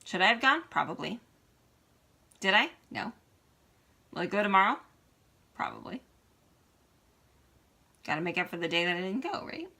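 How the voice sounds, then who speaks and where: A woman's voice: medium pitch, very animated, fast, sharp tone. A woman talking earnestly and emotionally to her viewers, encouraging them in a heartfelt vlog. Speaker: vlogger. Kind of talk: heartfelt motivational vlog talk.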